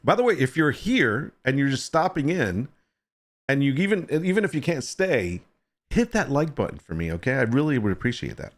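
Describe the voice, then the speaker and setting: A man's voice: medium pitch, very animated, moderate pace. A man hosting a casual livestream chat, joking with and teasing viewers and greeting them by name. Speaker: livestream host.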